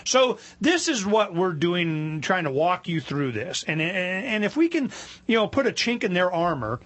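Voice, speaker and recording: A man hosting a talk radio show in a studio, talking in an animated, emphatic, rambling way and acting out other people's voices. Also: high-pitched. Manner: animated, emphatic, rambling with frequent "you know"; acts out other people's voices in quick asides.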